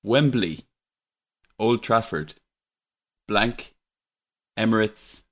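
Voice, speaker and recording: An Irish man hosting a casual podcast football quiz, relaxed and chuckling, slightly tipsy. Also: on the low side, very slow. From Ireland. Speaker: quiz host.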